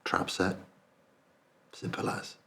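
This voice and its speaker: Taking it slowly, a man performs a dramatic monologue as a remorseful person confessing a cowardly betrayal. The delivery is hushed and confessional, and the mood feels haunted.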